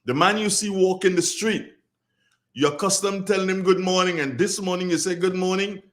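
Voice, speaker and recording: A man's voice: high voice, lively intonation, normal speed. A man with a Grenadian accent hosting a radio talk show, commenting earnestly and repeating phrases for emphasis. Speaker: radio host.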